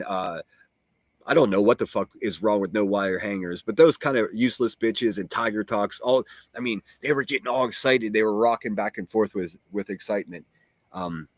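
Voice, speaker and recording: A man's voice: on the low side, no echo. A man hosting a livestream, reading chat and ranting in a profane, mocking and combative way. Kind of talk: casual livestream rant.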